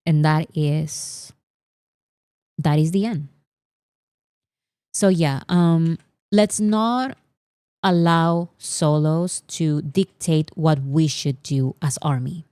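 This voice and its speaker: A woman's voice: low voice, takes it slowly, long pauses, mellow, no echo. A woman hosting a casual livestream, chatting in an opinionated way with many fillers. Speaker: livestream host.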